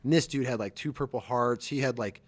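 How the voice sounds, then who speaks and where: A middle-aged man, a former Marine, telling stories on a podcast in a casual, slangy and animated way, acting out quotes. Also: mid-range voice, a little fast. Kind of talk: casual storytelling.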